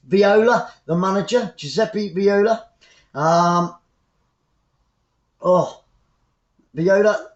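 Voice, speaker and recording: A man with an English accent giving chatty, excitable live football commentary as a fan, rambling into asides to his viewers. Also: high voice, takes it slowly, pauses often, roomy sound, muffled recording.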